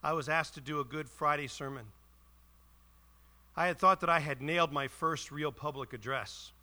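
A man pastor delivers a solemn Good Friday message and prayer in a church. He reads his prepared words earnestly, and his voice is bright and forward. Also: a little high, moderate pace.

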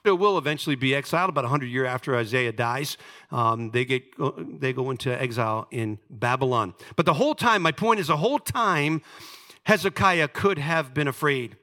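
A male preacher telling a Bible story in a sermon, dramatic, swinging between loud emphasis and hushed asides. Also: mid-range voice, expressive, a little fast.

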